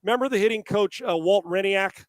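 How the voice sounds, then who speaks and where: A man co-hosting a casual sports talk show, animated and profane, often stammering and restarting his sentences. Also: high-pitched, a little fast, dry recording. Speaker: sports analyst co-host.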